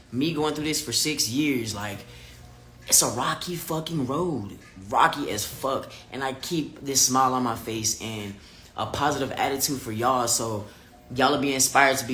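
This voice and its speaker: A man chats live with his audience, open and blunt, swearing freely and hitting his points hard. His voice is bright and pushes forward. The room is echoey, with faint music running underneath. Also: medium pitch, normal speed. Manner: candid, profane, animated and emphatic. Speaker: vlogger talking live to viewers. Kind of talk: casual livestream chat, reading comments.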